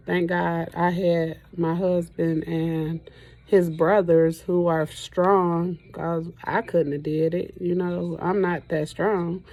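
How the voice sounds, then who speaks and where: A middle-aged woman talking to camera in a halting, emotional way, often pausing with "you know", as she speaks about her loss. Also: fairly low pitch, dark tone. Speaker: trucking vlogger and grieving mother. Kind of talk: personal testimony to camera.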